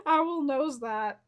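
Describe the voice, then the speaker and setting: In a high voice, a young woman streamer chats casually with a guest, animated and playfully teasing, laughing often.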